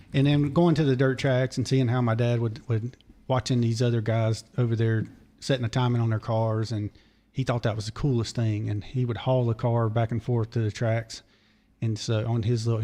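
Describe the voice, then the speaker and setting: A man, a podcast guest telling a long, digressive story in a hoarse voice because he is losing it. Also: medium pitch, steady tone, moderate pace, dark tone. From Charlotte area, North Carolina. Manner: digressive, detail-heavy storyteller. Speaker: podcast guest, former race mechanic. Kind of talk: long rambling story told in casual chat.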